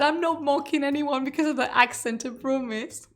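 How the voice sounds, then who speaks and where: A woman's voice: sits high, moderate pace, soft background music. Chatty woman streamer. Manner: chatty and laughing, with frequent restarts and fillers. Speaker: streamer, history channel host. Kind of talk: casual live-stream chat to viewers.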